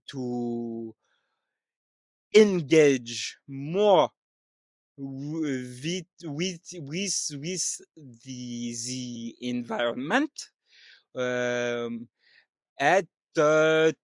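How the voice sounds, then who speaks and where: Man putting on a halting French-accented dad. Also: medium pitch, no echo, clean studio sound. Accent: put-on French. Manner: halting broken English, many fillers. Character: halting middle-aged French father.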